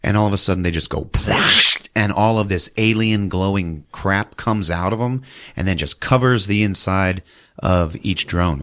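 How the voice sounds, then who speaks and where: A man with a very low voice hosts a comedy podcast, retelling a film's plot with loose, animated energy. He keeps breaking into squeaky put-on voices for the characters. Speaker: podcast host recapping a movie. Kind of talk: comic movie recap.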